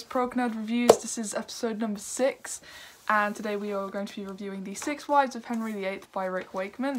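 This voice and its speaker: Young woman doing a chatty music review vlog, upbeat, lots of ums and little laughs, middle pitch. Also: a bit bright. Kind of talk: casual video review.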